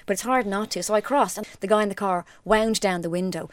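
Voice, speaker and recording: A woman co-hosting a podcast, telling an anecdote briskly and acting out the lines of the people in it. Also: medium pitch, dry recording. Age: adult. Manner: brisk storyteller, acts out quoted lines. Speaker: podcast co-host.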